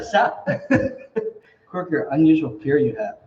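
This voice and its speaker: A man's voice: a little high, very animated, takes it slowly, a little mellow. A man, a pastor, chatting casually and telling a joke with laughs. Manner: chatty storyteller, laughs at his own jokes. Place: church hall. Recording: echoey hall, far from mic, dull.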